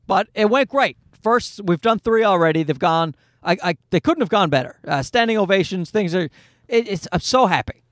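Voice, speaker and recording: Rambling high-voiced comedian, close and dry. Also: male voice, expressive, normal speed, a bit bright, no echo. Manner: rambling, self-deprecating, swears freely. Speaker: comedian and podcast host. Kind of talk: casual storytelling monologue.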